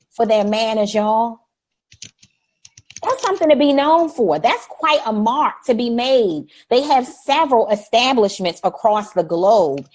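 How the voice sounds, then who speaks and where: A middle-aged woman hosting a live stream, talking in an energetic, preachy way, repeating "y'all" and acting out polite phrases. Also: fairly high pitch. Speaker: host. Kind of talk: energetic livestream talk.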